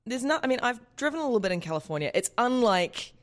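A woman co-hosting a casual games podcast, chatting with plenty of fillers and quick reactions. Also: fairly high pitch, sing-song. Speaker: podcast co-host. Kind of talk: casual chat about video games.

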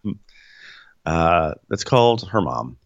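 A man co-hosting a podcast, recapping a reality show in a wry, animated, comedic way. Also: low voice, slow, creaky, no room sound, highs cut off. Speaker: podcast co-host.

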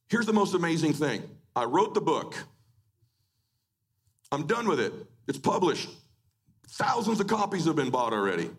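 A middle-aged man giving a live motivational speech to an audience, swinging between emphatic shouting and hushed, emotional delivery. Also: high voice, gravelly, slightly rough. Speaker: motivational speaker. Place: event hall before a live audience.

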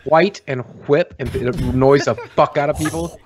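A man's voice: a little high, normal speed, background noise. A man rambling as a guest on a podcast, telling self-deprecating stories in casual chat. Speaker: guest panelist.

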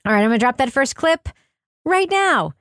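A woman hosting a podcast, upbeat and quick to laugh as she introduces her guests. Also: sits high, sing-song, fairly bright tone, dry recording, studio quality. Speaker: podcast host. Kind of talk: casual chat.

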